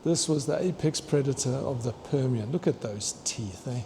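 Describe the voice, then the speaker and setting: Vlogger, male, mellow tone, eager museum-tour chatter, faint hum behind. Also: medium pitch, moderate pace, gravelly. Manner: enthusiastic, chatty, stumbles over long names and laughs. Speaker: vlogger touring a fossil museum. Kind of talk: walking museum tour vlog. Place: indoor museum hall.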